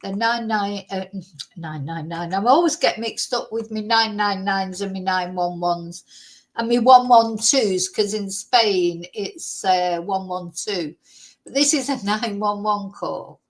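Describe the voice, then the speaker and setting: A woman's voice: mid-range voice, unhurried. A woman hosts a casual live chat. She talks in a loose, rambling way and stops to thank viewers by name. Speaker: livestream host.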